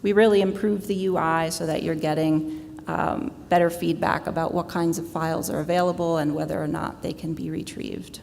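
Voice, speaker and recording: Woman presenter, relaxed, low gravelly voice, long hall reverb, faint background rumble. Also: moderate pace. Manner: relaxed, with fillers. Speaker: conference presenter. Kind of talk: product update presentation. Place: large conference hall.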